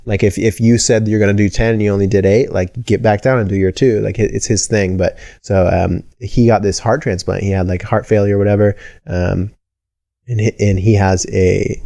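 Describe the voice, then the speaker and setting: A man with a low, mellow voice hosts a casual podcast chat. He rambles, swears and stumbles over restarts, sometimes acting out motivational pep talks. The sound is dry and close. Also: steady tone, normal speed, creaky, dry recording. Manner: rambling, profane, restarts a lot, acts out pep-talk voices. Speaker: podcast host.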